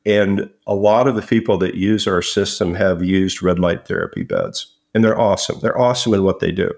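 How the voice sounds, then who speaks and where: A man's voice: low-pitched, very animated, normal speed, vocal fry, a little mellow. A man as an interview guest, telling stories casually and often repeating words. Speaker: company founder guest. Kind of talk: conversational interview.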